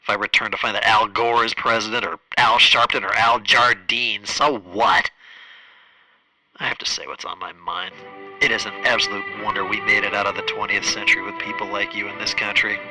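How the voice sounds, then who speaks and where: A man hosting a comedy radio sketch, deadpan, sarcastic and exasperated. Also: fairly low pitch, brisk, soft background music, low-quality recording. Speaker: host.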